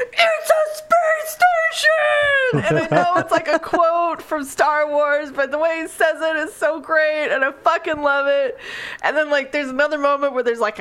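A woman's voice: sits high, fairly bright tone. A woman co-hosting a podcast, chatty and rambling, who swears freely in casual chat. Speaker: podcast co-host.

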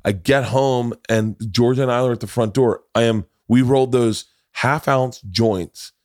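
Animated man telling wild stories. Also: medium pitch, a little slow. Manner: animated anecdotes, acts out others' lines, swears freely. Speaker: podcast host. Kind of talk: casual storytelling chat.

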